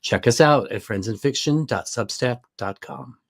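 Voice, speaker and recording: A man co-hosting a book podcast, reading promotional notes for listeners in a relaxed, friendly way. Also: mid-range voice, moderate pace, creaky, breathy edge, no echo, studio quality. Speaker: podcast co-host. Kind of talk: reading sponsor-style promos.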